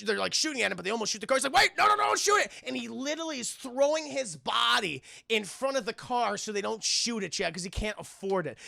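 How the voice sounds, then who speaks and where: A young man reviewing a film with his live chat, casual and profane, acting out lines loudly. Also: sits high, creaky, no echo. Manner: profane, animated, acts out quotes loudly.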